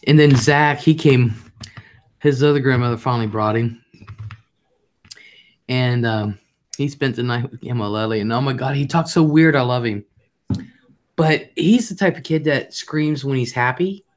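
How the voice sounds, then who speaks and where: A woman's voice: rumbling low, moderate pace, pauses often. An older woman hosting a live chat show, telling rambling, profane stories in a blunt way and reading out viewer comments.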